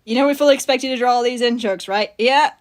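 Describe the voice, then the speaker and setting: A woman's voice: a little high, fast. A woman livestreaming while she draws, chatting casually with her viewers and laughing often. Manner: chatty, giggly, self-mocking. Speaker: livestreaming artist. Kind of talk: casual stream chat.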